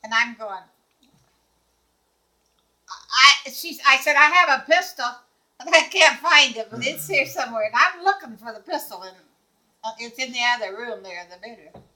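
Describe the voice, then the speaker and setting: An older woman telling a lively personal story, laughing often and acting out the people in it. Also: high voice, normal speed, long pauses, low-quality recording. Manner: acts out quoted dialogue. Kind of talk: casual anecdote.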